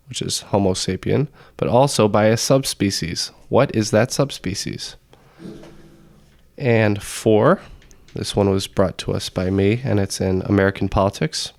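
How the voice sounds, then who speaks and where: A man with a raspy, hoarse voice from being sick, hosting a podcast trivia game and reading the questions. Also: on the low side, a little mellow, no echo. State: hoarse from illness. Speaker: trivia quizmaster.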